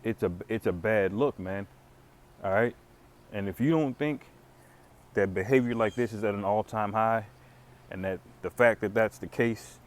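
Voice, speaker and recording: A man hosting a casual religious commentary video, rambling with many fillers and restarts and chuckling now and then. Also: on the low side. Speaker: commentary channel host.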